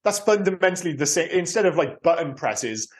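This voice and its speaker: Man, Welsh accent, Cardiff, podcast co-host, casual chat, rambling, self-interrupting, sweary, slightly high pitch. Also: expressive, brisk. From Cardiff, Wales.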